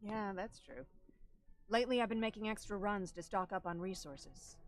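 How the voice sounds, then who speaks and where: A woman's voice: medium pitch, normal speed, dry recording, close to an everyday voice. A woman playing a weary resistance survivor. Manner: soft, tired, self-doubting. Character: weary female resistance survivor in her thirties. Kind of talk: video game dialogue.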